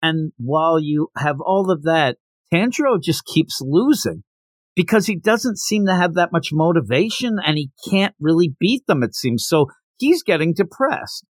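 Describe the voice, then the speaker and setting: A male podcast host giving a casual, animated recap of a comic chapter and retelling the characters' dialogue. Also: fairly high pitch, normal speed, no echo.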